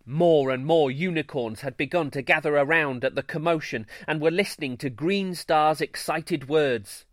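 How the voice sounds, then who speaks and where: A man hosting a children's story show, giving scripted narration in a playful, expressive way. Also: on the high side, moderate pace, few pauses, no room sound, clean studio sound. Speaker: storyteller host.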